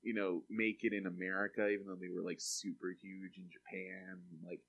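A deep-voiced man co-hosts a podcast and reviews films in loose, casual chat, rambling with plenty of fillers but getting animated when excited. He speaks at a moderate pace, and the audio is dull.

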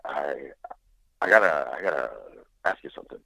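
A man imitating an older male comedian friend, speaking earnestly in a slow, hesitant, stammering way. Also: extremely low pitch, sharp tone, no room sound, pitched below the performer's own voice, full character voice, low-quality recording. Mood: earnest, hushed.

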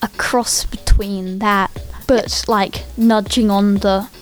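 A woman's voice: medium pitch, fairly even intonation, takes it slowly, soft background music. Hesitant girl chatting on radio. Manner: hesitant, lots of fillers. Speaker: student radio guest. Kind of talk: casual radio chat.

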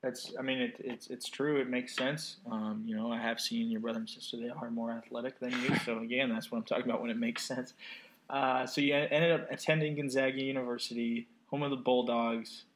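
A man's voice: mid-range voice, flat delivery, a little fast. Teasing young man hosting a podcast. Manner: teasing, joking banter. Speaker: podcast host. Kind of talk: casual interview chat. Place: apartment.

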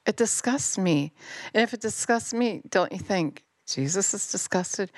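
A middle-aged woman giving an impassioned sermon, fervent and scolding, swinging from near-shouts down to low intense tones. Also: expressive, measured pace, dry recording, studio quality. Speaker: preacher.

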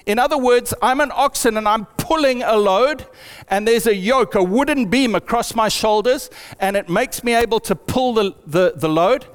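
A man preaching a sermon in an earnest way, slowing down to stress key phrases. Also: clear, resonant tone, long reverb tail. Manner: earnest, with lots of pitch swings and slowed emphasis.

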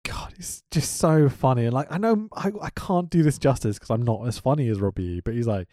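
Casual male podcast co-host, lively, high-ish voice, laughs a lot, dry close sound. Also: fast, no echo. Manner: laughing often, swearing, animated. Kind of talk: casual wrestling recap chat.

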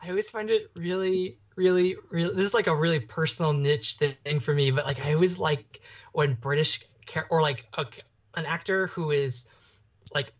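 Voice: medium pitch, moderate pace. A young adult podcast co-host talking casually about a film, rambling with lots of fillers and restarts. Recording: dull lo-fi podcast audio.

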